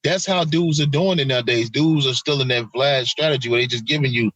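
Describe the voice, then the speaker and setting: Guy cohosting a podcast, cussing a lot, animated, husky voice, kinda muffled dry mic. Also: mid-range voice, fairly quick, dry recording. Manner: animated, profane, acts out quotes. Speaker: podcast co-host. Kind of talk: casual chat.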